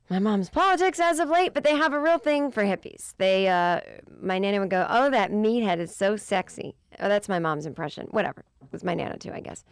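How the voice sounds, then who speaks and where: A woman in her thirties, a comedian hosting her podcast, telling rambling funny stories with lots of swearing and bursts of loud exasperation. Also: mid-range voice, clean tone, no room sound, clean studio sound. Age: 30s. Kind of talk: casual comedic storytelling.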